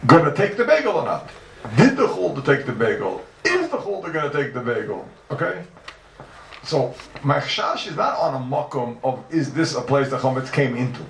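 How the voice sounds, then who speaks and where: A man teaching a Talmud class in a lively lecture style, repeating questions and mixing in Hebrew and Aramaic terms. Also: medium pitch, gravelly, slight background noise. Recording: echoey room, mic from far off.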